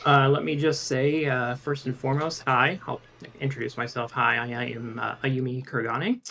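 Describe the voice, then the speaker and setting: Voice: mid-range voice, flat delivery, normal speed, fairly bright tone. A panel co-host giving a casual lore presentation, enthusiastic, with frequent fillers.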